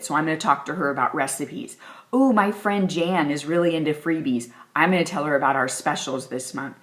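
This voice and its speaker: A woman's voice: low-pitched, fairly bright tone. A woman leading a sales training session, talking in a direct, upbeat coaching manner. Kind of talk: training video talk.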